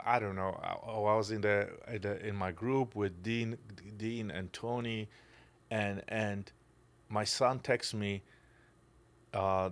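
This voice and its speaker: Emotional Polish-accented man, low voice. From Poland. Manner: blunt, emotional storytelling, broken English with swearing. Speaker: podcast guest. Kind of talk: casual chat.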